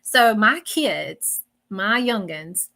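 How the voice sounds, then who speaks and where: Emotional, bright-voiced woman medium. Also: mid-range voice, drawn-out words, gravelly. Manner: emotional, apologetic, animated. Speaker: psychic medium. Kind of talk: live-streamed reading.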